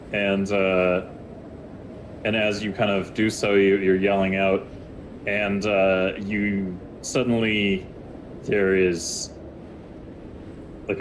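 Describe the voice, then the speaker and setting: A man's voice: lowish voice, slight background noise. A man narrating a tabletop game as game master, telling the scene loosely and rambling over voice chat.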